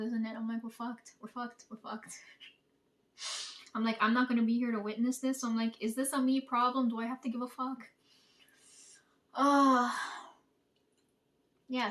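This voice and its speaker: A woman telling a story in a casual, chatty way, swearing freely and often breaking into laughter. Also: on the high side. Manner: chatty, profane, laughs while retelling. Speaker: channel host. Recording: voice somewhat distant from mic.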